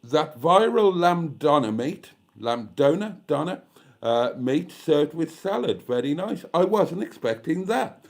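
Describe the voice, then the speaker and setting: On his laid-back YouTube live stream at home, a British man reads viewer comments with camp, chatty self-mockery. His voice runs on the high side and is very animated, though his pace is a little slow.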